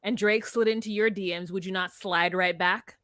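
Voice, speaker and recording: A woman co-hosting a podcast, casually recapping a reality show, animated and outspoken, swearing freely. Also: mid-range voice, normal speed, no room sound, clean studio sound. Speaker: podcast co-host.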